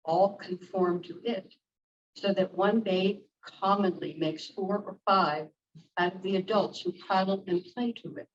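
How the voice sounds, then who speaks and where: A woman reading a text aloud to a group, careful and deliberate, now and then stumbling over a word. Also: mid-range voice, fairly even intonation. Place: church meeting room. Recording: distant, dull room recording with faint noise.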